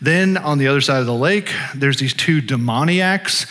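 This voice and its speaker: A man's voice: medium pitch, moderate pace, bright, forceful tone. A man preaching a sermon as pastor, talking casually with plenty of fillers and restarts. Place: church sanctuary. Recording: long hall reverb.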